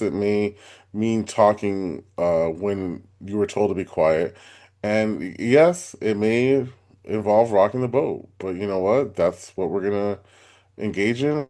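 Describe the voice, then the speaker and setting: An earnest, encouraging man with a fairly low voice hosts a wellness podcast. He talks casually about personal growth, then eases into a slower, gentler tone to guide listeners through deep breaths. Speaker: podcast co-host, life advisor.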